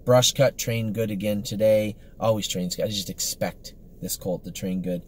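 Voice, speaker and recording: A man's voice: fairly low pitch, normal speed, a little mellow, a little hiss or hum. A man, a horse trainer, giving a casual, rambling report on the day's training, upbeat and full of fillers and self-corrections.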